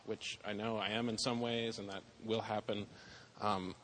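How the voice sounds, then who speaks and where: A man's voice: lowish voice, level tone, moderate pace, fairly bright tone, long reverb tail, a little hiss or hum. A father talking hesitantly about faith and parenting, searching for his words. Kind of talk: casual talk on faith and parenting.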